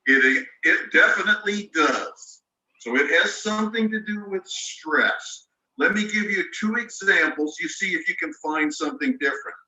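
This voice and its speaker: Bright-toned teacher in a roomy room. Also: male voice, high-pitched, expressive, moderate pace. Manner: patient, explains rules step by step and spells words letter by letter. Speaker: ESL teacher. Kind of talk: online class lecture. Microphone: video call microphone. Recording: roomy sound, mic at a distance.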